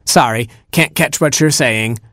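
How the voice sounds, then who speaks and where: A man's voice: mid-range voice, unhurried, no room sound, clean studio sound, close to an everyday voice. Man doing a deaf old baboon king. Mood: bewildered, fond. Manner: loud, asks people to repeat themselves. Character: old hard-of-hearing male baboon, retired king. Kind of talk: storybook reading.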